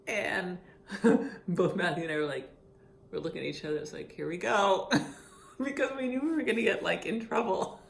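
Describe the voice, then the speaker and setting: A woman's voice: low voice, vocal fry, slight background noise. A middle-aged woman telling a personal story in a casual, chatty vlog, laughing often and restarting her sentences. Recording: echoey room with faint ambience.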